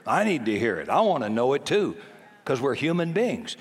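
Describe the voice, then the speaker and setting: A man's voice: medium pitch, big pitch swings, normal speed, slightly rough. A man in his seventies preaching a sermon in a folksy, emphatic way, often acting out the voices he quotes. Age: 70s. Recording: long hall reverb.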